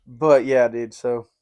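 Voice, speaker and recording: A young man with a drawl and a typical middle pitch hosts a podcast, telling his friends a story in casual chat. He rambles, relies on "like" and "dude," and becomes increasingly animated as things build.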